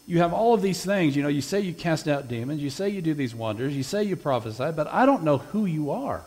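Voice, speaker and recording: A man's voice: fairly high pitch, a little mellow, in a large hall, rough recording. A man preaching a sermon with an invitation, quoting scripture emphatically and pressing his listeners with questions. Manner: emphatic, rising on scripture quotes.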